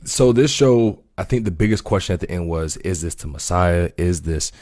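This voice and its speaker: Deep-voiced man in casual discussion. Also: moderate pace, no room sound, studio quality. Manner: animated, interrupts to correct, trails off and restarts.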